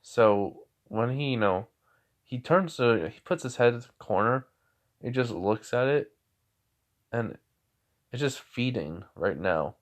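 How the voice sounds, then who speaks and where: Brief: young man improvising a fan tale, loose and rambling, average pitch. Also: lively intonation, slow pace, pauses often. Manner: rambling, many fillers and self-corrections. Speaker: fan storyteller. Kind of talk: improvised fan-fiction storytelling.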